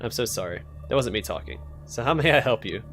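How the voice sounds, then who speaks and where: A man's voice: mid-range voice, expressive, fast talker, a bit bright, faint music behind. A man voicing a shy, apologetic young woman in a game.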